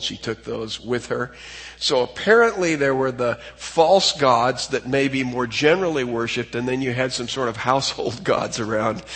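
A man's voice: medium pitch, a bit bright, big-room sound. A man giving a conversational Bible study lecture, often repeating words as he starts a thought. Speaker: Bible teacher.

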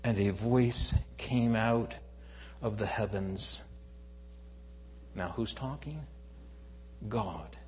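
Male preacher, unhurried delivery, long hall reverb, faint hum. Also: fairly low pitch. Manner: slow, swells from quiet to loud emphatic calls. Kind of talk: sermon.

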